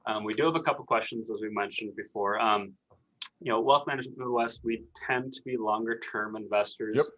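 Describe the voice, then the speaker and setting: Measured man hosting questions on a video call. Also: lowish voice, sharp tone, rough recording. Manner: measured, with fillers like "um". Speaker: host, financial advisor. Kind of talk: reading prepared questions.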